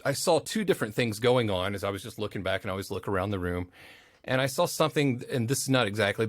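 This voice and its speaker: A man's voice: mid-range voice, dry recording, studio quality. A man guest on a podcast, an audio engineer, telling stories casually and acting out the voices of the people in them. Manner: animated, acts out quoted voices. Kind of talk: casual interview storytelling.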